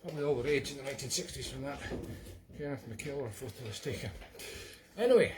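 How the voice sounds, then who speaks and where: A man's voice: mid-range voice, animated, fast, noisy background. A Scottish man doing a hammy comic impression of a singer, chatting in self-mocking showman banter between songs. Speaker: comic entertainer.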